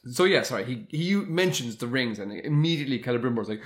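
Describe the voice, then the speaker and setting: A man at an ordinary mid-range pitch chats his way through an episode recap on a podcast. He tells it in an animated way, dropping into quick quoted asides as he goes. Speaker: podcast co-host. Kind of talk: casual episode recap chat.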